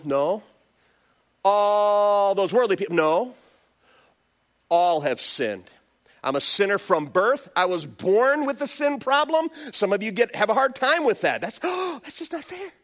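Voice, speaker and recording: A male pastor preaching a sermon, calling on the congregation to respond and acting out little voices as he goes. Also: high-pitched. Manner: animated preaching with call-and-response and acted-out voices.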